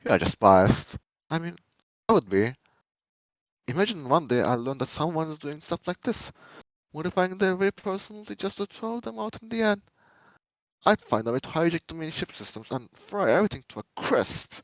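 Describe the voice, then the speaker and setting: A man giving a dramatic reading of fan fiction, a first-person monologue, swinging between menacing loud lines and hushed pleading ones. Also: on the high side, lively intonation, a little fast, dry recording, poor audio.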